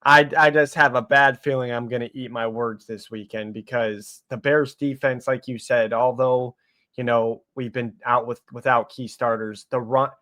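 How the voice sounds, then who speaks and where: A man's voice: mid-range voice, steady tone, moderate pace, bright, forceful tone. A man talking football on a fan podcast, easygoing and conversational, often restarting his sentences. His voice sits in an ordinary middle register. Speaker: podcast co-host. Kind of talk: casual sports talk.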